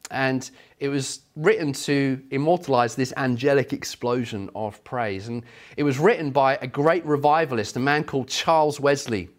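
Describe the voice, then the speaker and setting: A middle-aged man preaching a sermon, telling stories with animated delivery. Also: mid-range voice. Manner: storytelling, animated, voices quotes.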